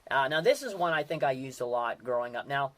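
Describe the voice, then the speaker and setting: A man's voice: mid-range voice, expressive, fairly quick. A man, hosting a casual solo talk and rambling with many fillers and restarts. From Western Pennsylvania. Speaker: podcast host.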